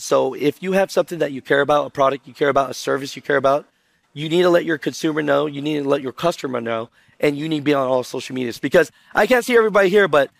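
Upbeat panel speaker, a man with a slightly high voice who acts out quotes and polls the crowd, dry close sound. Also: creaky, no room sound. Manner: animated storyteller who acts out other people's lines and quizzes the audience. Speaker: trucking video creator on a conference panel. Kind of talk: lively conference panel talk.

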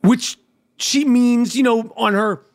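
A man with a notably high voice rambles through a casual podcast monologue, swearing freely and circling back on himself with ums and uhs. The sound is close and dry, with no room around it. He talks like a comedian catching up with his listeners. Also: fairly even intonation, takes it slowly, no echo. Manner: profane, loose storytelling with frequent fillers. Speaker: podcast host and stand-up comedian.

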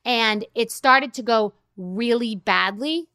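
A middle-aged woman hosts a podcast, chatting casually as she rambles through a story and acts out what people said. Her voice is a little high, bright, and forceful, and she takes her time. A little hiss or hum sits under the audio.

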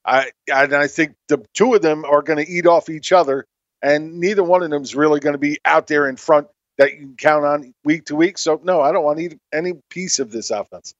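A man's voice: fairly high pitch, fairly quick, dry recording. A man co-hosting a fantasy football panel, giving blunt, emphatic opinions. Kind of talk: casual sports chat. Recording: dull lo-fi line.

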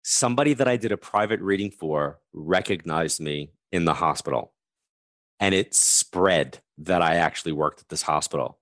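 A man in his fifties, a guest in an interview, telling an animated story fast with many "like" fillers. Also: sits low, no room sound, clean studio sound. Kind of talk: conversational storytelling.

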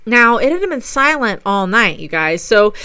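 A woman's voice: a little high, sing-song, a little slow, sharp tone, clean tone, dry recording. A woman, a paranormal investigator, enthusiastically narrating a recap of a ghost investigation. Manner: enthusiastic storytelling.

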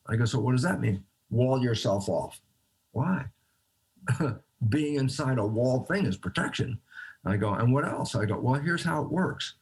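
A man's voice: mid-range voice, animated, normal speed, breathy edge. A man, a guest scientist in a conversational interview, explaining by acting out both sides of a dialogue and chuckling between phrases.

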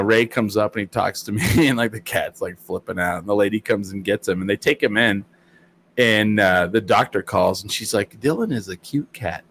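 Low-voiced man telling a rambling story. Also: vocal fry, a bit bright. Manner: rambling, laughing, profane storytelling. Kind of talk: casual storytelling chat.

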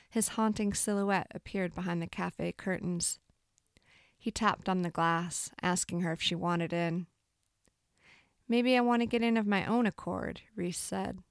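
A woman narrating a literary short story in a calm, even storytelling manner, lightly voicing the characters' dialogue. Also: on the low side, clear, resonant tone, no echo, clean studio sound.

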